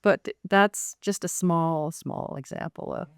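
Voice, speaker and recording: A woman's voice: on the low side, a little slow, clean tone, no echo, studio quality. A woman from a children's charity, talking earnestly in an interview and telling a story. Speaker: charity foundation guest. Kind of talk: interview conversation.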